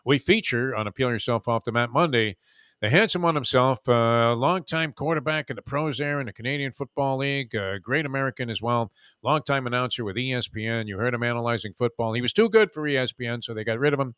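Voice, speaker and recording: Male sports talk host, bright and forceful, joking, rambling, dry close mic. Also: medium pitch, quick pace, clean tone, no room sound.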